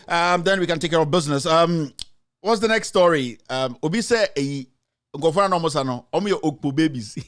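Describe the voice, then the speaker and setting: A man's voice: on the high side, fairly quick, fairly bright tone. A man hosting a commentary show, mocking and mixing English with Twi. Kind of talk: live commentary.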